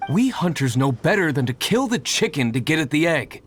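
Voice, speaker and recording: A woman's voice: deep voice, very animated, a little fast, slight background noise. A woman voicing a stern female hunter who firmly scolds careless newcomers. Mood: scolding. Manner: scolding, firm. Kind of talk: game cutscene voice acting.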